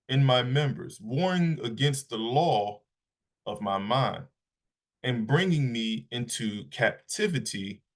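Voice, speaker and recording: A man giving a Shabbat Bible lesson, reading scripture aloud and often restarting his sentences. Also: medium pitch. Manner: halting, repeats words, reads scripture aloud slowly. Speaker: Bible teacher.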